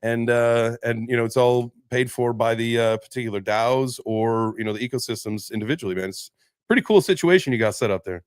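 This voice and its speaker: A man's voice: medium pitch, fairly quick, smooth, dry recording, clean studio sound. A man hosting a casual live crypto chat, laid-back and chatty, greeting guests as brother. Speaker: host.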